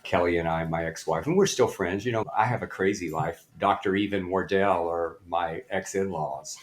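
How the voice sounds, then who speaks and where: Lively low-voiced man telling stories. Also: normal speed. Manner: animated, chuckles between phrases. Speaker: guest. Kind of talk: conversational storytelling.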